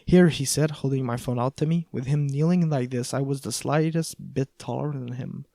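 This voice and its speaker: A man's voice: mid-range voice, steady tone, normal speed, vocal fry, mellow, dry recording. A man reading a first-person audiobook in a wry, conversational way. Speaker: audiobook narrator.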